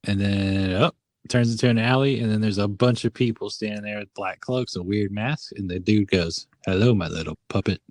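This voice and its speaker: A man's voice: on the low side, moderate pace, no room sound, studio quality. A man co-hosting a podcast, retelling a movie in casual chat, laughing often and briefly acting out the characters' lines. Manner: laughs often, acts out quotes in funny voices. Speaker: podcast co-host.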